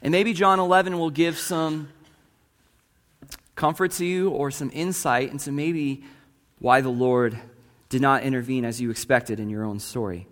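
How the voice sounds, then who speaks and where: A man of middle pitch delivers a sermon in an earnest preaching manner. He poses rhetorical questions to his listeners and reads long quotations aloud. His voice sits at an ordinary pitch for a man. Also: fairly even intonation, normal speed. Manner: asks the congregation rhetorical questions. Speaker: pastor.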